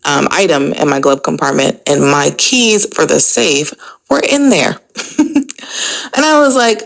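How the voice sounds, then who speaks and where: A woman's voice: low voice, animated, unhurried, vocal fry, fairly bright tone, rough recording. A woman hosting a podcast, telling a personal story in a casual, chatty way, full of "like" and "you know". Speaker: podcast host.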